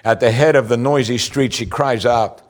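Earnest male preacher delivering a sermon. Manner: earnest, rises in pitch for emphasis, slows for scripture reading.

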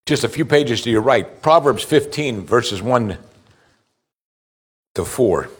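A male pastor delivers a sermon in a plain, conversational voice of ordinary pitch. He talks the way he would to a friend, often repeating a word as he starts a thought. He keeps asking the congregation pointed questions. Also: lively intonation, slow pace, husky. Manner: conversational preaching, asks the congregation direct questions.

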